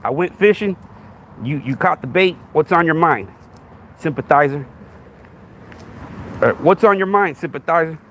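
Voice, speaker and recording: A podcast host with a Texan accent, confronting a commenter on a live stream and asking one rhetorical question after another. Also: male voice, on the high side, expressive, moderate pace, pauses often, a bit bright, slight background noise.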